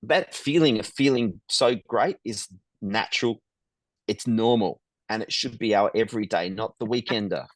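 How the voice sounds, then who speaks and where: Middle-aged male guest, low and dry: reflective storyteller, hesitant with ums and restarts. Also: moderate pace, no echo. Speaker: guest, business founder. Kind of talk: conversational interview storytelling.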